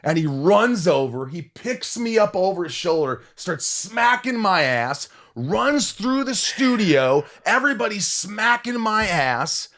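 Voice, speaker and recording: A man's voice: measured pace, few pauses, no room sound. A man hosting a podcast, telling a story with feeling and acting out what people said. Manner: animated, acts out quotes with big pitch swings. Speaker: podcast host. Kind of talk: emotional storytelling in casual conversation.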